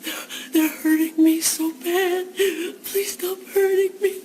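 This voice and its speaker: A woman's voice: extremely high pitch, steady tone, slow pace, darkish tone, a little hiss or hum, pitched above the performer's own voice. A woman voicing a terrified orphaned baby elephant, sobbing and pleading for its mother. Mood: pleading pain.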